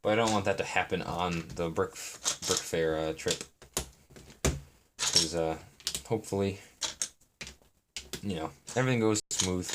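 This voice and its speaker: A man's voice: sits low, measured pace, pauses often. A young man chatting in a meandering, self-deprecating way on a live stream while he builds. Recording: noisy, with keyboard and brick clicks.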